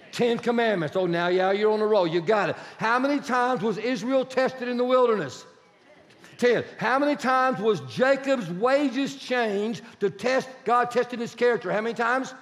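A male pastor delivers a sermon in a notably high voice, firing questions at the congregation and stressing key words. His voice rings out in a long hall reverb. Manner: quizzes the congregation, animated and emphatic.

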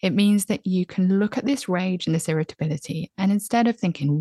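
A woman in her thirties, a podcast guest giving candid, reflective advice, animated when she recounts her own moments. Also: medium pitch, normal speed, dry recording, studio quality.

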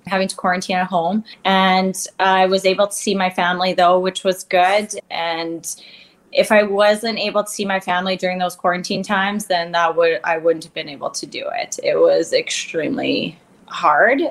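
A woman's voice: lowish voice, little pitch movement, moderate pace. A woman in her thirties, a curler, talking openly in a casual interview and laughing often. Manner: candid, emotional, laughs often.

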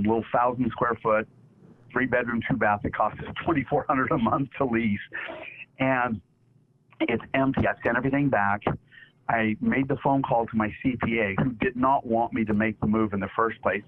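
Earnest, halting middle-aged man on tinny radio. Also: on the low side. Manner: halting and earnest, repeating words. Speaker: interview guest. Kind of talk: personal testimony. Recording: tinny phone-like radio sound.

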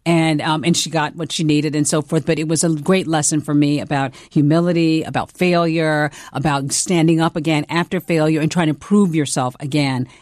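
A middle-aged woman from the American South, a television journalist, telling lively career stories with a slight Southern accent. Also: deep voice, normal speed, hardly any pauses, no room sound, studio quality. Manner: animated storyteller with laughs and restarts. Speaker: guest, TV journalist. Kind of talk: conversational storytelling.

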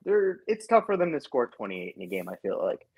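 A man's voice: mid-range voice, huge pitch swings, brisk, darkish tone, breathy edge. A man co-hosting a casual sports betting chat, quoting stats emphatically. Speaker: sports podcast co-host.

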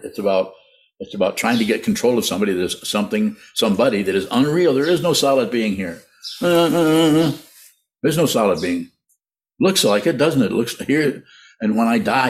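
This low-voiced man, darkish in tone, leads meditation at an unhurried pace while taking listener questions. His speech halts and restarts with repeated words, broken up by laughs.

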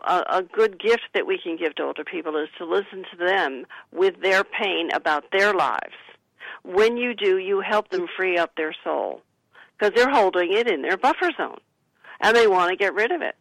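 A woman guest on a radio talk show, speaking in an earnest, gentle and instructive way as she gives spiritual advice. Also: fairly low pitch, expressive, moderate pace, vocal fry, no echo, poor audio. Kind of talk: radio interview, advice-giving.

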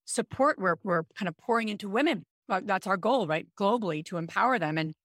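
A woman's voice: medium pitch, fairly quick, no room sound, clean studio sound. Chatty woman co-host telling a story. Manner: animated, chatty, with frequent "like" and "I'm like". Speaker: podcast co-host. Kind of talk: casual storytelling chat.

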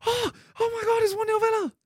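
A man imitating a young man excitedly watching a football match, in a squealing high voice. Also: fast talker, no echo, studio quality. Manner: high-pitched, squealing quoted exclamations. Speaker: podcast co-host.

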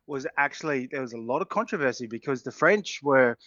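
A middle-aged Australian man, a former rugby player co-hosting a sports radio show, talking in an excited, rambling way and laughing often. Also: medium pitch, brisk, no room sound, dull audio. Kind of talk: casual sports radio chat.

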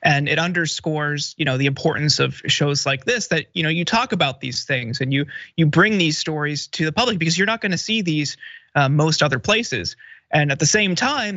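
A man's voice: on the high side, normal speed, bright, forceful tone, no echo. A man co-hosting a political commentary show, conversational with frequent fillers. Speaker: co-host. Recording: dry, dull, lo-fi sound.

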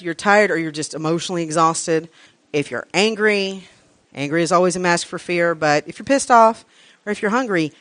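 A woman's voice: on the low side, dry recording. A woman teaching a live class to an audience, frank and profane, hammering points home with repeated lists. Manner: emphatic, repeats lists for effect. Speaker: workshop teacher.

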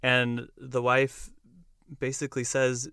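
A young man hosting a podcast, recapping a musical in casual chat, animated and quick to laugh. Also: medium pitch, clean tone, no echo, studio quality. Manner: enthusiastic storyteller who acts out lines and laughs often. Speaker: podcast host.

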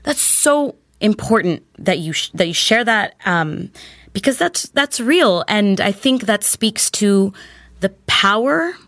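A woman's voice: medium pitch, expressive, slow pace, fairly bright tone, no echo, studio quality. A woman hosting a casual podcast conversation, playful and thoughtful as she asks questions.

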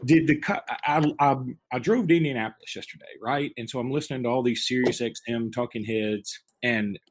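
A man's voice: medium pitch, a little fast, husky. A man, co-hosting a casual sports podcast from a hotel room, rambling with many restarts and laughs. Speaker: podcast co-host.

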